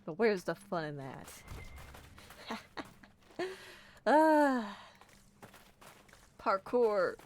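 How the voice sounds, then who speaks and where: A woman's voice: mid-range voice, sing-song, drawn-out words, long pauses. A woman streamer giving playful gaming commentary, bubbly and jokey, chatting to the characters on screen. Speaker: let's play streamer.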